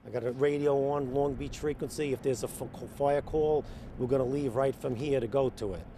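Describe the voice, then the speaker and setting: A man's voice: medium pitch, steady tone, moderate pace, mellow. A man working as a firefighter, explaining in a plain-spoken, rambling way with many fillers. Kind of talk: casual interview on location. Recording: outdoor street noise.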